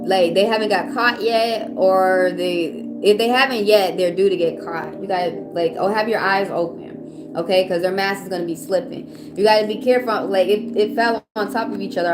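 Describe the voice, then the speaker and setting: Southern woman, chatty tarot reader on a livestream, loose and casual, music playing behind. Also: mid-range voice.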